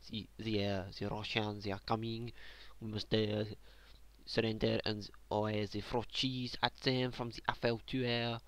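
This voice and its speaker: A man's voice: on the low side, little pitch movement, measured pace, fairly bright tone, no echo. A man doing a comic impression of a panicky Frenchman, with a put-on French accent and broken, stammering English. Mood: mock panic. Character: panicky mock Frenchman, adult male, dramatic. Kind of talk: comic impression in a game commentary.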